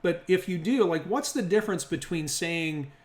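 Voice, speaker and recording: Guy teaching bible study, kinda high voice, keeps checking in with the group, echoey room. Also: expressive, normal speed. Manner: reasoning aloud, checks in with the group often. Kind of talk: interactive Bible lesson.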